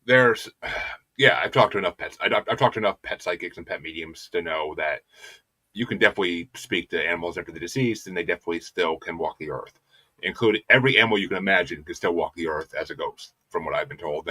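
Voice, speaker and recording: A man's voice: low voice, bright, forceful tone. A man hosting an interview, chatting casually and eagerly agreeing, while hedging his own opinions. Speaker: podcast host.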